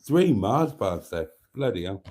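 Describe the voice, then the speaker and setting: Man, middle-aged, late-night host, cheeky, laughing, tired, slow. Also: lowish voice, sing-song, warm tone, a little hiss or hum. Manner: cheeky, chatty, laughs often. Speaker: livestream host. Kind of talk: casual chat reading comments.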